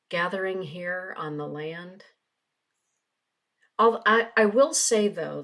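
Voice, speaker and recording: With a low voice and some vocal fry, a middle-aged woman who works as a spiritual teacher holds a casual webinar chat, reading oracle card passages aloud to viewers.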